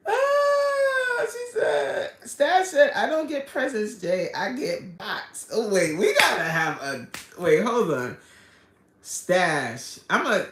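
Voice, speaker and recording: A woman's voice: fairly high pitch, big pitch swings, slow, fairly bright tone. A woman hosting a casual live stream, reading chat comments aloud and laughing often. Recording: echoey room.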